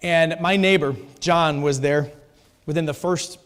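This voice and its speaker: A man's voice: a little high, steady tone, measured pace, fairly bright tone. A man preaching a sermon in a church, emphatic and repeating his key phrases. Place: church sanctuary. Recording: long reverb of a church hall.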